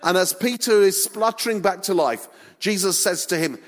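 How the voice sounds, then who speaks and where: A preacher delivering a lively, humorous sermon, his voice sitting a touch higher than most men's. Long echoing reverb fills the hall around him. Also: normal speed, hardly any pauses. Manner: humorous, animated storytelling, self-deprecating.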